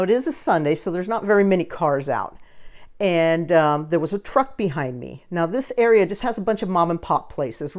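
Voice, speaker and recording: A woman vlogger telling a story to camera in a casual way, acting out the other people in it. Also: fairly low pitch. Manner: animated, acts out the other people in her story. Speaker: vlogger running a social media page.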